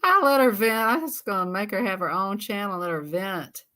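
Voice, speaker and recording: A woman's voice: medium pitch, expressive, brisk, pushed and bright. A woman hosting a casual live chat, rambling in an easygoing way and chuckling often. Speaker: live stream host.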